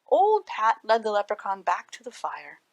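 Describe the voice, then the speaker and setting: A woman reading folktales aloud to children at a library storytime, animated and breaking into hushed asides. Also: mid-range voice, normal speed, gravelly, no room sound, lo-fi sound.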